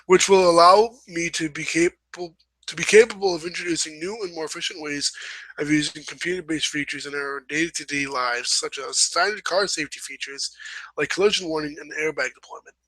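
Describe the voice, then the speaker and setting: This young man hosts a laid-back writing lesson, drifting from point to point and breaking off to fix mistakes and say sorry. He speaks briskly in a somewhat high voice that is bright, forceful and gravelly. There's no room reverb; the audio is dry and close-miked.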